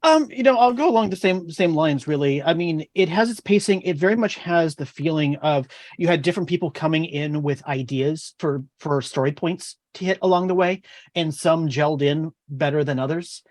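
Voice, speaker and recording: A man's voice: a little high, moderate pace, a little mellow, dry recording. A man chatting as a guest on a film review podcast, rambling and thoughtful. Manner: rambling, thoughtful, many fillers. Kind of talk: casual chat.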